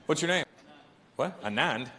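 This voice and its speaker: A man from Canada in his fifties, performing live stand-up with brash, animated storytelling. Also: a little high, a little slow, noisy background. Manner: animated, brash storytelling that jumps into character voices. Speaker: stand-up comedian. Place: large live venue. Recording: echoey hall with loud ambience.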